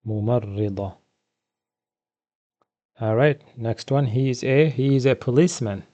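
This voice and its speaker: Guy teaching a beginner vocab class off slides, asks then says each word slow twice, middle pitch. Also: dark tone. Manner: repeats each word slowly, asks and answers himself. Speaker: Arabic teacher.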